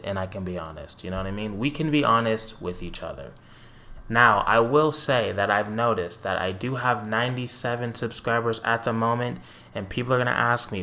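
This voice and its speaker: A young man with a bright, forward voice runs his own casual basketball fan channel. He rants in an animated, profane way, throwing in petty, sarcastic asides as he breaks down the game. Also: fairly low pitch.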